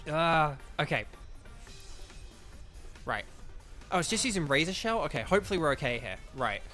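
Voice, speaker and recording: A man commentates his gameplay live, with a fairly high, bright voice that swoops up and down. He is excitable and exclaims a lot between chatty asides to his viewers. Game music plays faintly behind him. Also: brisk, long pauses. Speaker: gaming video host.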